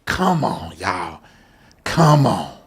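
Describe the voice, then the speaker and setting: A man hosting a live news commentary show, animated and joking, talking straight to his viewers. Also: lowish voice, extremely slow, vocal fry, breathy edge.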